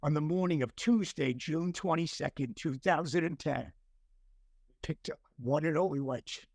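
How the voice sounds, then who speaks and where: A man's voice: fairly high pitch, moderate pace, a little mellow, no room sound. A man in his sixties, an interview guest, telling an earnest personal recovery story and acting out the dialogue as he goes. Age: 60s. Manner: earnest, emotional at times.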